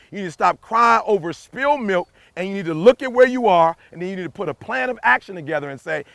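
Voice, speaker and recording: A man's voice: high voice, vocal fry, fairly bright tone, dry recording. A man giving a motivational speech in an emphatic, preachy way, repeating his key lines and driving each point home. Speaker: motivational speaker.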